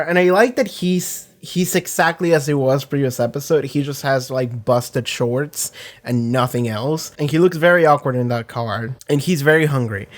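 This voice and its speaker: A man giving casual anime reaction commentary from a home setup, rambling excitedly with lots of fillers and swearing. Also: a little high.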